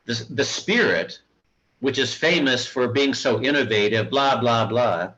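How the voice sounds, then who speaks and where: A man in casual podcast talk who gives blunt opinions and keeps breaking off with ums and restarts. His voice sits at a middling pitch for a man. The audio is muffled and lo-fi. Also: a little slow, pushed and bright. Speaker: podcast co-host. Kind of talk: casual conversation about comics. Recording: dull lo-fi audio.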